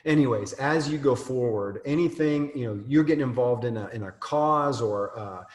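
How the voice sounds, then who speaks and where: A man's voice: medium pitch, moderate pace. A man hosting a podcast, chatting in a rambling way with many fillers. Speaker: podcast host. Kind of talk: casual interview chat. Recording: roomy echo.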